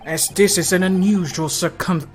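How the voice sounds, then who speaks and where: A woman voicing a stern male court judge, reading game dialogue aloud in an even, formal way in her own voice. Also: on the low side, normal speed, slight background noise, natural voice.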